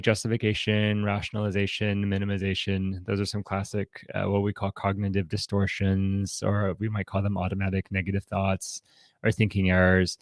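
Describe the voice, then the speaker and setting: A man counseling a group in an informal teaching talk, halting and often restarting his sentences. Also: fairly low pitch, no echo, studio quality. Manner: halting, with frequent restarts and repeated words. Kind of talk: informal teaching talk with role-played examples.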